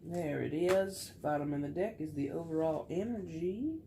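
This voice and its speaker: A woman's voice: low voice, normal speed, vocal fry, heavy background noise. Chatty woman tarot reader getting over a cold. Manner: chatty and playful, with frequent laughter. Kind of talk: casual tarot reading to camera.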